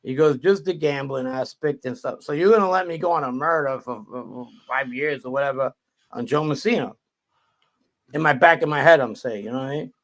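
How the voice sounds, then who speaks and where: A man tells his story over a video call, swearing freely and acting out the other people's lines. His voice sits at an ordinary middle pitch. It sounds like a casual stream guest. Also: a little fast.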